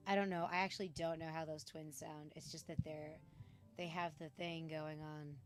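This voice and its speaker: A woman's voice: low-pitched, level tone, moderate pace, soft background music. A woman streaming a game, chatting casually, laughing often and reading the game text aloud.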